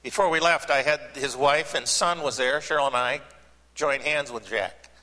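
Folksy pastor preaching in a church; bright, raised voice with a lingering hall reverb. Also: male voice, mid-range voice. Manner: folksy, joking, with long pauses. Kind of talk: sermon. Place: church sanctuary.

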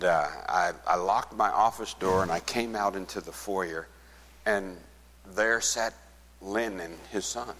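A pastor tells a story from the pulpit, his low voice carrying through a reverberant church. He voices both sides of the conversation and sinks to a hush when the story turns grave. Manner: retells a conversation, acting out both sides, softening to a hush at sad moments. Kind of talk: sermon storytelling.

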